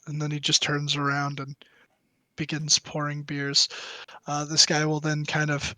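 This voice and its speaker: A man's voice: on the high side, completely flat delivery, unhurried, pushed and bright, dry recording, rough recording. Rambling young man running a game. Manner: rambling, full of fillers. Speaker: game master. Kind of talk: narrating a tabletop game.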